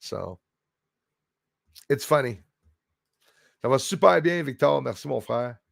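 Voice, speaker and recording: A man's voice: mid-range voice, animated, unhurried, gravelly, a bit bright, dry recording, clean studio sound. A man hosting a casual livestream, rambling bluntly and greeting viewers by name. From Canada. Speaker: livestream host reading chat. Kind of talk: casual live-stream chat.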